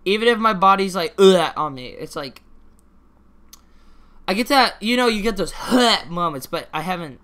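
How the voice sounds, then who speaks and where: Teen boy, solo podcast host, bright voice, rambling casual chatter with restarts and offhand swearing. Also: high voice, animated, normal speed, long pauses. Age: teens.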